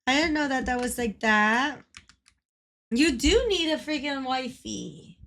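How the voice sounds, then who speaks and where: A woman's voice: high voice, animated, unhurried, fairly bright tone. A young woman livestreaming a game, chatting casually, laughing often and swearing freely. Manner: giggly, swears freely, teasing. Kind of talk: casual gaming stream chat.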